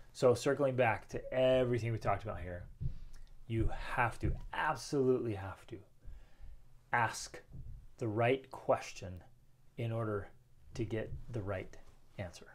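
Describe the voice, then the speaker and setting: A man in his thirties gives an energetic motivational talk from home. His voice sits at an ordinary middle pitch. He speaks with emphasis and keeps posing rhetorical questions to his listeners. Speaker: host. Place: home with children playing nearby.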